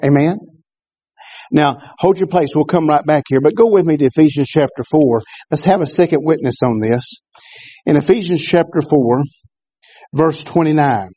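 A man preaches a sermon in church. He often stumbles over repeated words and calls out to the congregation for agreement. His voice sits a little high but sounds mellow, and the recording is dry and close. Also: moderate pace, slightly rough, no room sound. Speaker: pastor.

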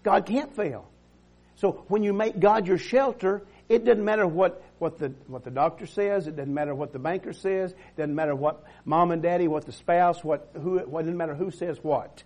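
A man's voice: on the high side, normal speed, darkish tone. A middle-aged male pastor preaching a sermon, calling for amens and repeating words as he builds his point. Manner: preaching with call-and-response, frequent amens and restarts.

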